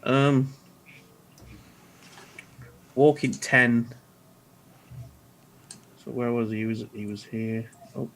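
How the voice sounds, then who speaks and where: A man's voice: medium pitch, fairly even intonation, drawn-out words, long pauses, a bit bright, a little hiss or hum. A man playing a tabletop game, chatting casually and thinking aloud about his moves. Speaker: player.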